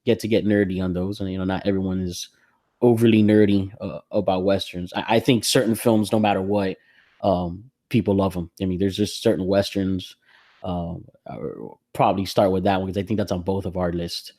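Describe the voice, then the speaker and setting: A man chats easily as a podcast host, rambling and laughing often. His voice sits on the low side. The recording is dry, with no room sound. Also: steady tone, normal speed, mellow, no room sound. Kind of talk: casual chat.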